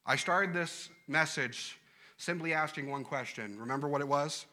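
Male preacher, sermon delivery, high voice, bright and forceful, emphatic repetition. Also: normal speed. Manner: emphatic, repeats phrases, swings from loud to hushed.

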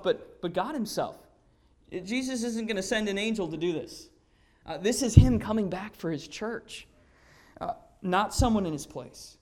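A lay preacher giving a verse-by-verse sermon, earnest and emphatic, often restarting with repeated "and, and" and reading scripture aloud in old-fashioned wording. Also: mid-range voice. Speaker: lay preacher in a church service. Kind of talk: sermon, verse-by-verse Bible teaching.

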